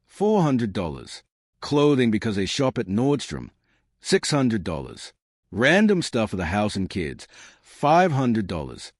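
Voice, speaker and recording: A man narrates from a script, hitting each dollar figure with punchy emphasis. His voice sits low but swings widely in pitch. The sound is close and dry. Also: dry recording. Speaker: personal finance narrator. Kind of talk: scripted first-person narration.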